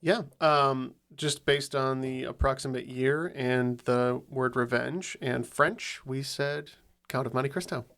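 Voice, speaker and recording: A man on a trivia podcast, reasoning through answers in a relaxed way. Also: mid-range voice, slow pace, hardly any pauses. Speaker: quiz contestant. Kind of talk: casual podcast banter.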